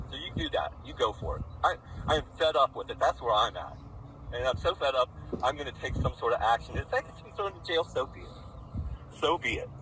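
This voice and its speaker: A man in a heated outdoor argument, blunt and angry, repeating himself. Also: medium pitch. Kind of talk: heated doorstep confrontation. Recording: outdoor recording from a distance with street noise.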